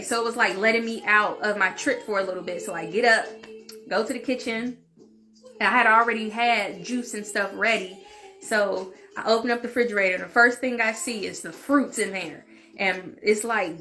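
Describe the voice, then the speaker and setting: A woman with a bright, clear voice at a mid pitch tells a story straight to camera. She talks casually and animatedly, leaning on "like" and swearing freely. Faint music plays underneath. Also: normal speed. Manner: animated, frank, peppered with "like" and swearing. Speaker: vlogger and healing channel host. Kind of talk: casual story-time monologue.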